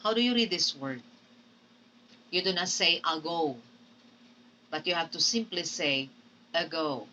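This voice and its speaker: A woman's voice: on the low side, animated, moderate pace, long pauses, sharp tone, recorded from a distance, slight background noise, low-quality recording. A Filipino woman teaching English phonetics in a recorded lecture, drilling example words and often checking in with "Okay?". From Philippines.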